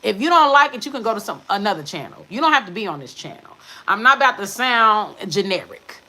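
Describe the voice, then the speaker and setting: A woman tarot reader talking to her viewers in a brash, profane, sassy way, with emphatic bursts and quick muttered asides. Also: medium pitch, big pitch swings, bright, forceful tone, low-quality recording. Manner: emphatic, with sudden drops to mutters. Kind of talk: live tarot reading monologue.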